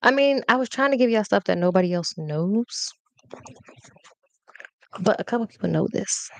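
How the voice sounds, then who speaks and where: A woman's voice: mid-range voice, animated, normal speed, gravelly, dry recording. A young adult woman hosting a live podcast, chatting casually and rambling playfully straight to her viewers. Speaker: podcast host.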